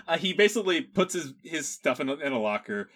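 A man's voice: a little high, sing-song, brisk, fairly bright tone. A man co-hosting a podcast, recapping a movie in a casual chat, laughing often and restarting his sentences. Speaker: podcast co-host.

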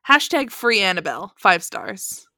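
A woman co-hosting a casual podcast, giggly and animated, reading listener reviews aloud. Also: medium pitch, moderate pace, no echo, clean studio sound. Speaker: podcast co-host. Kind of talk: casual chat.

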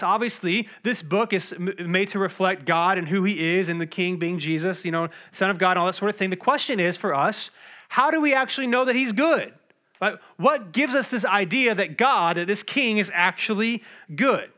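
A man's voice: high-pitched, normal speed, bright, forceful tone. A young man preaching a sermon in a conversational way, with casual asides and fillers. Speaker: pastor.

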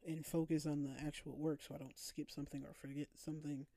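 Woman, podcast host, casual solo storytelling, candid and rambling, dry close sound, warm tone. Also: low voice, flat delivery, fast talker, no echo. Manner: candid, rambling, self-questioning.

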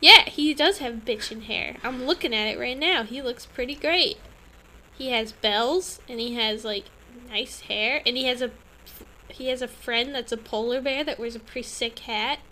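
High, bright giggly woman podcaster. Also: normal speed, poor audio. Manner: giggly, animated, lots of laughing. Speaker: podcast co-host. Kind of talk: casual chat.

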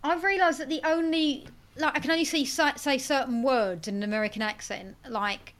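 Chatty woman, fairly high voice. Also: fairly even intonation, fairly quick, hardly any pauses, a bit bright. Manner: chatty, self-mocking, reads out listener comments. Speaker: podcast co-host. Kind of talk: casual film podcast chat.

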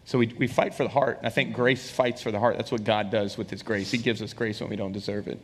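A man's voice: on the low side, steady tone, quick pace. A man preaching to a church, telling a personal story and raising his voice to act out scenes in it. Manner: storytelling, shouts names in quoted scenes. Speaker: pastor. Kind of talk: sermon. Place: church hall. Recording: long hall reverb from a church.

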